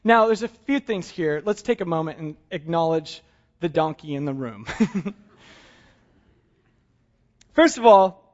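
A man's voice: on the high side, expressive, a little slow, pauses often, a little mellow, highs cut off. A man preaching a sermon in a conversational, humorous way, chuckling often. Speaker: pastor.

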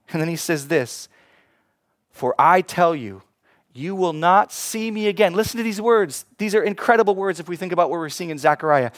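A man preaching a sermon, swinging between hushed, slow passages and loud, emphatic ones. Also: sits high, expressive, dry recording, clean studio sound. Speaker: pastor.

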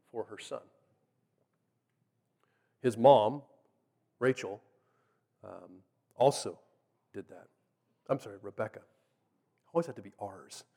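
A man's voice: a little high, in a large hall. A man preaching a sermon, retelling the story casually and animatedly, acting out the characters' lines. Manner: animated, acts out the characters' lines in lively voices.

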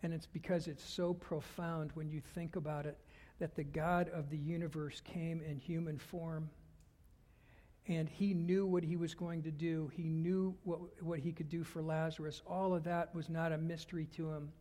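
A man preaching a sermon as a pastor, earnest, dropping to hushed whispers and rising to loud fervor. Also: on the high side, level tone, normal speed. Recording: long hall reverb.

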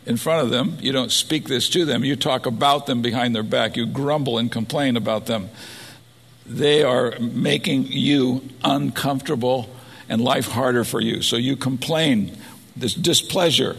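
Male pastor, gravelly and husky, earnest sermon delivery, long hall reverb. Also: mid-range voice, moderate pace, fairly bright tone. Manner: earnest preaching, rising to emphasis.

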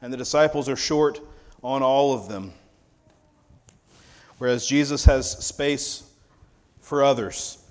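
A man's voice: medium pitch, slow pace, pauses often, darkish tone. A man preaching a sermon in a conversational, wry storytelling manner. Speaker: pastor.

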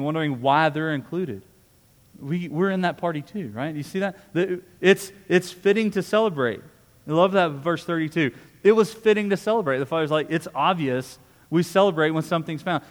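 A man preaching a sermon in a conversational way, often repeating words and asking "right?". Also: a little high. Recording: long hall reverb.

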